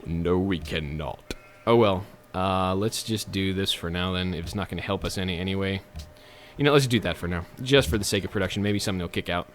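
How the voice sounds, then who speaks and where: A man's voice: low voice, fast. A man giving casual, chatty gameplay commentary as a let's play host, with jokes and self-mocking asides.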